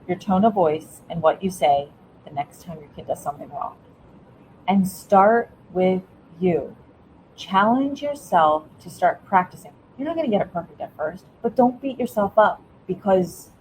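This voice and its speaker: A woman's voice: medium pitch, a little mellow, slight background noise, rough recording. A middle-aged woman, a former school principal, giving earnest, encouraging parenting advice as an interview guest, with frequent restarts.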